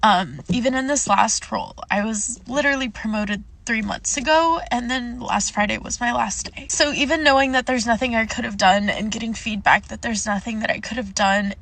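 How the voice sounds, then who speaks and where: Earnest woman recruiter, higher voice. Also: normal speed, vocal fry, few pauses, a bit bright. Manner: earnest, reflective, a little emotional. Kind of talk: personal vlog monologue.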